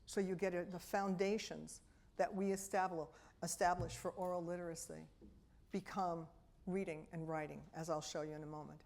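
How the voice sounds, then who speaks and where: Brief: middle-aged woman, New York accent, lower pitch, animated wry lecturer who talks straight to the audience. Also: moderate pace, vocal fry. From Brooklyn, New York. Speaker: speech and language pathologist giving a parenting talk. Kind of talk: lively public lecture to an audience. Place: auditorium before a live audience.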